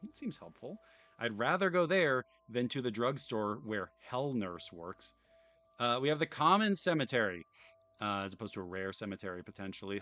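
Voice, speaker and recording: A man's voice: on the low side, expressive, normal speed, bright, forceful tone, no echo. A British man streaming live, reading game text aloud with wry, chatty, self-deprecating asides. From United Kingdom.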